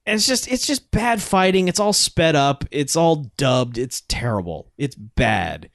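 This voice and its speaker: A man co-hosting a casual podcast, recapping a movie in an animated way and laughing often. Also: on the high side, unhurried, dry recording, studio quality. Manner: animated storyteller, acts out bits, laughs often. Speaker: podcast co-host.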